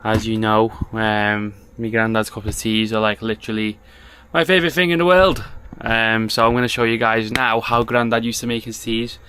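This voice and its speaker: A man's voice: on the low side, steady tone, normal speed, sharp tone, slight background noise. A young man, chatting casually to camera in a campervan, rambling with lots of fillers. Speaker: travel vlogger. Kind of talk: casual vlog chat to camera. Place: inside a small campervan.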